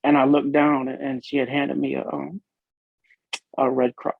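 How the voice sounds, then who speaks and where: A man from Illinois who works as a police officer, giving an earnest, emotional personal testimony in a podcast interview, with halting, restarting speech. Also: mid-range voice, little pitch movement, gravelly, slightly rough, dry recording. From Illinois, USA. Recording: dull lo-fi dry recording.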